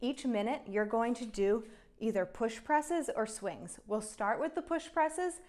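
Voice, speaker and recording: A woman's voice: a little high, measured pace, a little mellow. A young woman, out of breath, coaching a follow-along kettlebell workout and counting down reps with encouragement. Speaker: fitness instructor.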